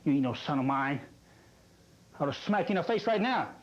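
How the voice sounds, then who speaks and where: Brief: man as a hollering, coughing, stammering dad scolding his son; slightly high voice; dull old-tape sound. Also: lively intonation, normal speed, close to an everyday voice. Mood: angry. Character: angry scolding father confronting his son. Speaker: public access TV actor. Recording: lo-fi archival public access TV tape.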